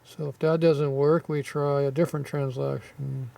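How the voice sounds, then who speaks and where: A man with a scratchy, sore throat reading viewer comments in a casual, offhand way, clearing his throat often and muttering asides. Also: a little high, level tone, normal speed, dark tone, recorded from a distance.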